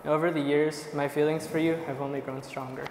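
A young man, the groom, reading his wedding vows softly and with emotion. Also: a little high, level tone, a little fast, roomy sound, in a large hall, heavy background noise. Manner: soft, emotional, reading from notes.

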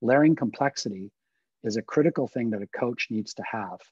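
A man's voice: medium pitch, a little fast, a little mellow, slightly rough, no echo, highs cut off. A man giving a webinar lecture to coaches, explaining points with emphatic repetition. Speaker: guest expert speaker. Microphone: video call.

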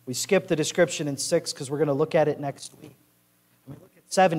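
High-voiced preacher, loud and impassioned. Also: male voice, fairly even intonation, fast talker. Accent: American Midwest. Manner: reads scripture in a loud rising voice, drops low for asides. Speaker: pastor. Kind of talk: sermon. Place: church sanctuary.

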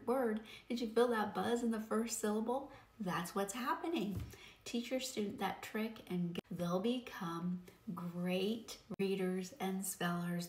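A woman giving phonics teaching tips, patiently demonstrating sounds and drawing out example words. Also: medium pitch. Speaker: reading teacher. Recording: roomy echo.

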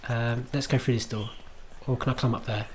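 A man's voice: mid-range voice, steady tone, fairly quick, a little hiss or hum. Chatty man streaming a game. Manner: self-mocking, chatty, swears and laughs at his own play. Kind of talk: live gameplay commentary.

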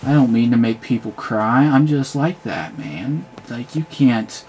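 A young man giving excitable, mocking commentary over his own online shooter match. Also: medium pitch, measured pace, few pauses, a little hiss or hum. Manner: trash-talking, excitable, mocking. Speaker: gaming commentator. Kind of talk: live gameplay commentary.

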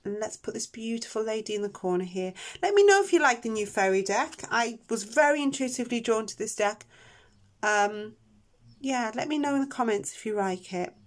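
Soft-spoken tarot reader woman. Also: fairly high pitch, animated, brisk. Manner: soft, emotional, chatty with many ums. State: tearing up. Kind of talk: pick-a-card tarot reading.

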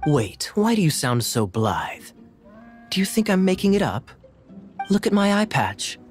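A young game character who tells grand, secretive tales with earnest drama. His voice sits at a medium pitch, and faint game music plays behind him. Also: big pitch swings, a little slow. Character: boastful young male pirate's grandson with an eye patch. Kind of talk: game dialogue.

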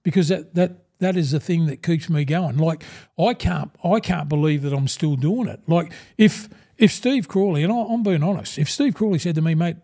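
Older Australian man, dark mellow tone, fairly high voice, animated storyteller, acts out dialogue, casual interview. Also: moderate pace, few pauses. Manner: animated yarn-spinner, acts out quoted dialogue, says "mate" constantly. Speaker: guest, former rugby league player and broadcaster.

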